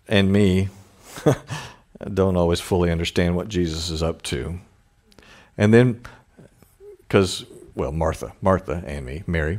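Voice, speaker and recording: A man preaching a sermon in a conversational, self-deprecating way, chuckling often as he talks. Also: deep voice. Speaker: pastor.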